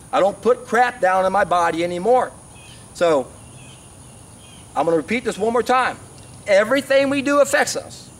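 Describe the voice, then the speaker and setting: A man's voice: sits high, distant mic. A man in his sixties speaking in a passionate, rambling vlog monologue with frequent fillers. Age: 60s. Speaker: natural health advocate.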